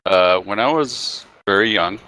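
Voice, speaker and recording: Older man with crowd noise behind. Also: fairly low pitch. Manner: halting, many uhs. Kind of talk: casual storytelling.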